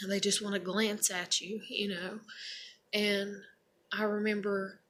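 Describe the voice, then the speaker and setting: A young vlogger with a medium-pitched, somewhat bright voice rambles casually through her own story, blunt and prone to swearing. She uses fillers like "like" and "you know" constantly, and there's slight background noise.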